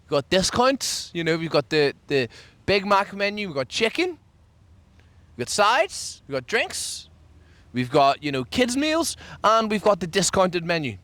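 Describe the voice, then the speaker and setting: A man talking casually outdoors as a podcast co-host, ranting in a jokey way. His voice sits fairly high and swoops about a lot. The sound is dry and close, with little room echo. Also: a little slow. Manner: animated, jokey rant with sudden pitch jumps. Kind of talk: casual chat. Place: outdoors, people walking past.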